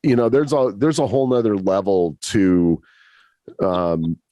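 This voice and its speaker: A man co-hosting a podcast conversation, speaking bluntly and haltingly, often restarting his sentences. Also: on the low side, animated, warm tone, no echo. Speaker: podcast co-host.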